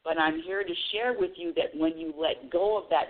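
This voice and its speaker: A woman radio show host telling a casual, animated story about her week, with bursts of high excited squeals. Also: moderate pace. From United States. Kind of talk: casual spiritual talk monologue. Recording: tinny phone-line audio.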